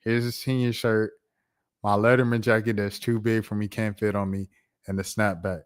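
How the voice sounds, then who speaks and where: A man in his thirties hosting his own stream, telling a casual storytime in an animated, slangy way with laughing asides. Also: on the low side, normal speed, clear, resonant tone. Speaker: streamer host.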